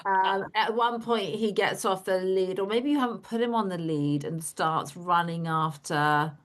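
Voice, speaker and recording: A woman's voice: medium pitch, unhurried. A woman hosting a podcast interview, chatty and prompting her guest with questions. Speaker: podcast host. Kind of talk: conversational interview.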